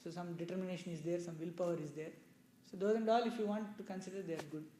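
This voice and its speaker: A man's voice: sits high, fairly even intonation, fast talker, dark tone, slight background noise. A man giving a loose, conversational talk on scripture to a small audience, explaining with many asides and checking that listeners follow. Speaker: religious storyteller. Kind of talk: conversational scripture discourse with questions. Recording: echoey room.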